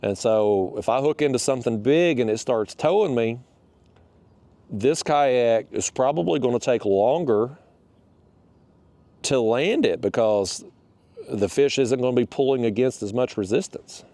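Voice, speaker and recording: A man's voice: medium pitch, expressive, unhurried, warm tone, no room sound. A man talking casually while fishing from a kayak outdoors, rambling and a bit out of breath. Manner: rambling, restarts, folksy phrasing. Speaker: fishing vlogger.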